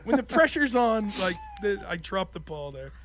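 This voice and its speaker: A man hosting a call-in show, telling stories in a casual, profane, animated way and acting out the voices of people he quotes. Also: high-pitched, normal speed.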